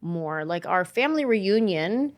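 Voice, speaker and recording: A woman in her forties from San Jose, California, a comedian guest telling her story in a casual interview, animated. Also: mid-range voice, unhurried. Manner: animated, acts out quoted voices.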